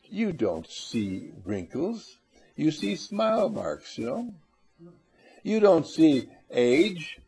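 Gravelly, lively man preaching on ageless living. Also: a little high, slow, slight background noise. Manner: animated, acts out little scenes in funny voices; coaxes and teases the audience. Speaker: motivational speaker. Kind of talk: spiritual lecture to a live audience.

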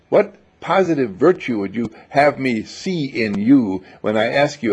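A man's voice: mid-range voice, expressive, a little slow, few pauses, darkish tone, breathy edge. A man giving an enthusiastic, repetitive inspirational lecture to a seminar, on a dull lo-fi recording. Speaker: seminar teacher.

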